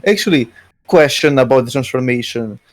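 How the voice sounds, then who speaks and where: A man's voice: mid-range voice, lively intonation, normal speed. A man playing a tabletop game, asking questions and stumbling over his words. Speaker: player. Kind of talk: casual tabletop game chat.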